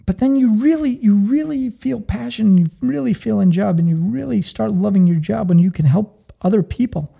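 Dark gravelly man giving earnest advice. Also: high-pitched, normal speed, few pauses, lo-fi sound. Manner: earnest, energetic storytelling. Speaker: podcast host. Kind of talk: motivational podcast talk.

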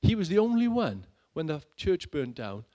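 Brief: man, middle-aged, church sermon, fairly high voice, theatrical loud-soft delivery. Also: very animated, normal speed. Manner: dramatic, swings between loud urging and hushed low lines. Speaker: pastor.

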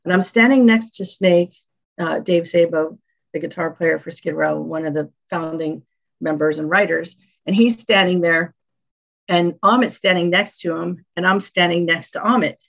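A woman music executive, a guest on an interview show, telling animated stories and acting out what people said. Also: fairly low pitch, moderate pace, vocal fry. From northeastern United States. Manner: animated storyteller, acts out quotes. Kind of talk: casual interview chat. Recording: dull lo-fi audio.

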